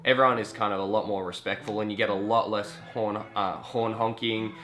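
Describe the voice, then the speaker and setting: A man's voice: fairly low pitch, level tone, a little fast, a bit bright. A young Australian man with an Australian accent who talks to camera in a chatty, rambling way and swears freely. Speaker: vlogger. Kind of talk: casual vlog monologue.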